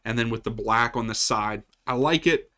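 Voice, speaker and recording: A man's voice: medium pitch, moderate pace, sharp tone. A man from West Virginia chatting casually as he ranks soccer kits, often repeating himself and restarting sentences. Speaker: soccer channel host. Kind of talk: casual tier-list commentary.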